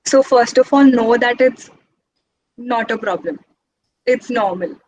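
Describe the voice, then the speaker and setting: A young woman giving an informal talk as guest speaker, speaking quickly in a chatty, encouraging way. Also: a little high, a little mellow, lo-fi sound. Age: young adult.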